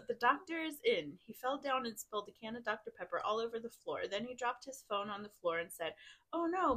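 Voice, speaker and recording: A woman's voice: mid-range voice, fairly bright tone. Tipsy woman reading party stories. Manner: casual, giggly, reads stories aloud. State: tipsy, drinking wine. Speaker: podcast host. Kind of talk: reading drunken stories aloud to friends.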